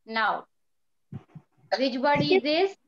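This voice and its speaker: A woman teacher who speaks slowly and patiently, repeating words for young pupils. Her voice sits fairly high, and the recording is dull and lo-fi. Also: lively intonation. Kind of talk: online primary school lesson.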